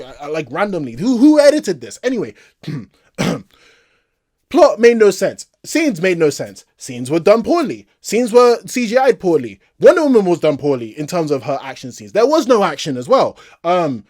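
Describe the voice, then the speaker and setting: Animated, exasperated solo movie reviewer. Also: mid-range voice. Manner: exasperated, repetitive, quick to laugh. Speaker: movie reviewer, channel host. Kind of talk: casual solo video review.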